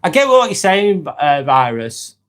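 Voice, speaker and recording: A man's voice: a little high, sing-song, a little slow, fairly bright tone. Friendly Lancashire man in his forties. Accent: Lancashire, near Manchester. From Northwest England. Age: 40s. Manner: reads viewer comments aloud and answers each by name, friendly and reflective. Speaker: live vlog host. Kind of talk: casual live-stream chat.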